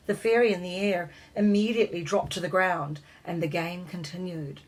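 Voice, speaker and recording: A woman reading a children's storybook aloud as narrator, gently lifting her voice for the characters' lines. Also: on the low side, steady tone, moderate pace, hardly any pauses, rough recording.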